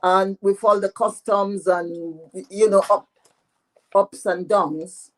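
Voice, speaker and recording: A woman in her eighties with a Dominican French patois accent, telling her own story as an author guest, slow and full of "you know" fillers. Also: mid-range voice, steady tone, poor audio. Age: 80s. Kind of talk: interview answers.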